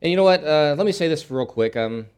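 A man's voice: a little high, animated, fast, darkish tone, clean tone. A man preaching as a pastor, opening with a folksy anecdote and talking in a plain, conversational way with frequent restarts and repeated words. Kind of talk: sermon.

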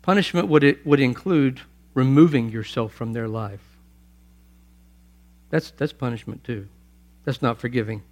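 A man preaching a sermon, emphatic, swinging between loud stresses and hushed asides and repeating phrases for weight. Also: medium pitch, a little slow, pauses often. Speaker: pastor.

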